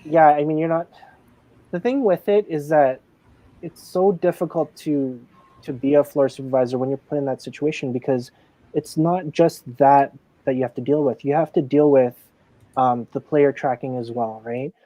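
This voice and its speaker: A man's voice: on the high side, moderate pace, no room sound. Chatty man telling casino stories. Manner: chatty, filler-heavy, animated retelling. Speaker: guest, casino floor supervisor. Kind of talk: casual interview storytelling.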